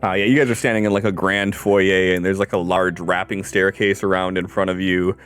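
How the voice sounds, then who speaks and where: A man running a tabletop game as game master, narrating in a halting way full of ums and uhs. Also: sits low, little pitch movement, a bit bright, smooth.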